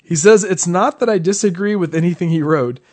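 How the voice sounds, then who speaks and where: Fairly high-voiced man, podcast co-host. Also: fairly quick, darkish tone. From United States. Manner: chatty, laughs between remarks. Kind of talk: casual podcast chat.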